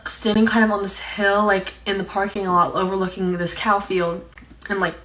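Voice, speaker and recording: A woman's voice: medium pitch, little pitch movement, normal speed, fairly bright tone, rough recording. A young woman from Appalachia, telling a story in a casual, rambling way with lots of "like". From Appalachia, USA. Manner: rambling, heavy use of "like". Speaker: TikTok storyteller.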